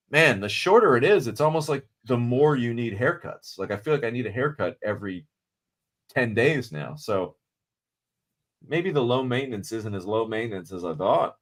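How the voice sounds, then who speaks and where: A man hosting a podcast, talking bluntly and casually, calling listeners brother. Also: medium pitch. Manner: blunt, conversational, calls people brother. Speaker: podcast host.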